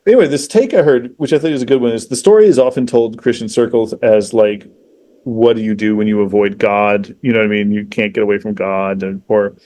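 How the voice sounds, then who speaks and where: A man in casual podcast conversation, retelling a story in a lively, profane way, peppered with "you know" and "like.". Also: on the low side, a little fast, no room sound. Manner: animated, profane, acts out quoted characters; frequent fillers like "you know" and "like". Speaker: podcast guest.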